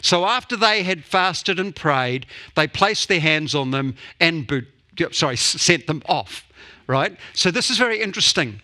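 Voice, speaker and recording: A man preaching a sermon as pastor, storytelling with playful jokes and quick asides. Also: on the high side, expressive, pushed and bright.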